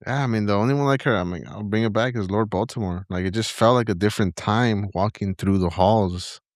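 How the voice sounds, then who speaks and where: A man co-hosting a podcast, relaxed and plainspoken in casual chat. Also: on the low side, fairly quick, no room sound, studio quality. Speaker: podcast co-host.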